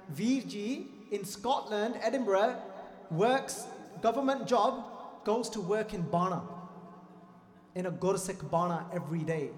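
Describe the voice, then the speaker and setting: A man's voice: sits high, darkish tone. A man giving a fervent sermon to a congregation, repeating lines emphatically and addressing the crowd directly. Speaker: Sikh preacher. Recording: echoey hall with faint music.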